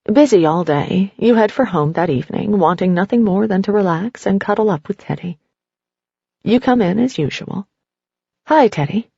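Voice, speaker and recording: Casting: woman narrator, husky and gravelly, measured second-person telling, dull dry recording. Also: medium pitch, warm tone, dry recording. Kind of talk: scripted story narration.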